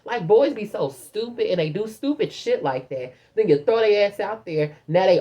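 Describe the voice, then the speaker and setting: A woman's voice: mid-range voice, normal speed, lo-fi sound. A young adult woman telling a vlog storytime, blunt and profane, acting out other people's lines as she talks. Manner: profane, blunt, animated storytelling with put-on quotes. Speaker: vlogger. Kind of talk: casual storytime rant.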